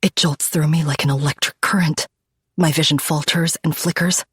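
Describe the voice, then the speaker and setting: A woman narrating a dark romance audiobook in the first person, with an intimate, dramatic reading. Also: deep voice, fairly even intonation, moderate pace, breathy edge, dry recording.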